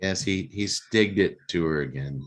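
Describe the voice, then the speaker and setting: A podcast co-host with a deep voice speaks at normal speed during a casual chat. He recaps a movie plot as a joking storyteller.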